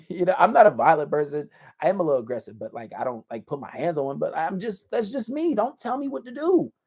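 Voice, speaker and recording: A man's voice: a little high, big pitch swings, fast, darkish tone, slightly rough. A man giving casual dating advice to camera in a blunt, self-assured, slangy lecturing manner.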